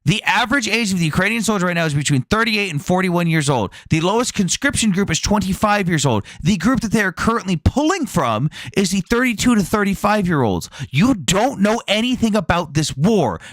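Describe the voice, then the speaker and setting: A man with a high-pitched voice drives a heated live debate in a forceful, rapid-fire rush. He swears freely and talks over people. The sound is dry and close. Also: no echo. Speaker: debate host.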